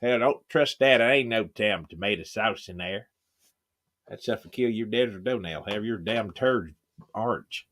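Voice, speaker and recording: A man's voice: lowish voice, normal speed, a bit bright. A man hosting a live stream with casual, crude, jokey commentary. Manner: joking, crude, laughs often. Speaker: livestream host.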